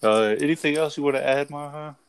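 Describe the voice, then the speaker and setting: A man's voice: fairly high pitch, a little fast, smooth. A man co-hosting a podcast, throwing in wisecracking interjections during casual chat. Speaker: podcast co-host.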